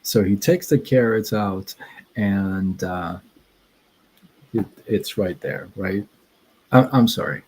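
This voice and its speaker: Slow mellow guy livestreaming, rambles a story, keeps pausing to greet chat. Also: on the low side, a little hiss or hum, poor audio. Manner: rambling and halting, breaks off to greet chat viewers. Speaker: livestream host.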